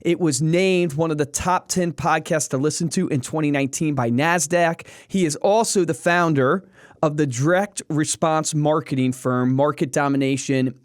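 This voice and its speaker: A man's voice: fairly high pitch, moderate pace, dry recording, studio quality. A man hosting a podcast, chatty and enthusiastic, laughing easily as he introduces his guest. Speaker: podcast host. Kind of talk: casual podcast interview.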